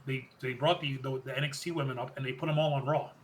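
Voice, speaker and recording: This man talks fast in a mid-range voice, hosting a podcast where he rambles through a casual wrestling recap. Excited, he often backtracks to correct himself mid-sentence. Slight background noise can be heard.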